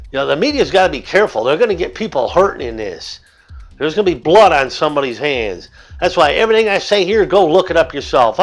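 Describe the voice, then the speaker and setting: An older man giving rambling, argumentative commentary in his own vlog. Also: a little high. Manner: rambling, argumentative, acts out yelling. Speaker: vlogger. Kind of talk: opinionated commentary.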